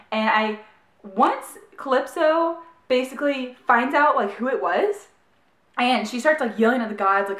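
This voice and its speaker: A young woman talks about a book she loves, gushing and tripping over her words with a steady stream of "like." Her voice sits a little high and rings around an echoey room. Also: normal speed. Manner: gushing, excited, heavy use of "like". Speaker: book reviewer. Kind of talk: casual book review.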